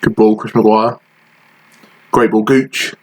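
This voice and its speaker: A man's voice: fairly low pitch, little pitch movement, takes it slowly, a little hiss or hum, poor audio. A man giving frustrated, sarcastic play-by-play commentary over a football management game he is playing. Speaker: gaming channel host.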